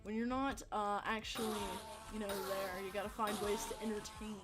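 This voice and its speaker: A young woman streamer chats casually while gaming, rambling, swearing and laughing often. Her medium-pitched voice is steady and at normal speed, with loud music behind it.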